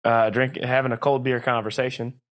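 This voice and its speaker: A man's voice: mid-range voice, flat delivery, a little fast, fairly bright tone. A man co-hosting a podcast, telling rambling stories in casual chat and laughing often. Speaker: podcast co-host.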